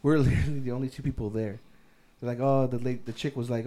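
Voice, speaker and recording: In his fast, mellow, medium-pitched voice with fairly even intonation, a young man spins a rambling tale for his friends, full of profanity and punctuated by his own laughter.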